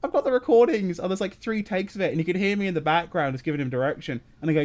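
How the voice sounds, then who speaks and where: Animated young man telling a story. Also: high voice, rapid-fire. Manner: animated, laughs hard, profane storytelling. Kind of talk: casual chat.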